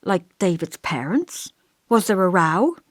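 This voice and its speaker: Woman reading an earnest young woman, tentative and coaxing, lively pitch. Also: measured pace, no room sound, studio quality. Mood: bewildered. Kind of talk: audiobook dialogue reading.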